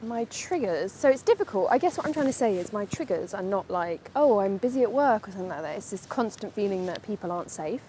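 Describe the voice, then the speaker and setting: A woman podcast host with a mid-range voice rambles chattily while walking through a park in the rain, now and then laughing at herself. She talks quickly and warmly with animation and few pauses in this casual walking monologue. The audio is poor, with a little hiss or hum.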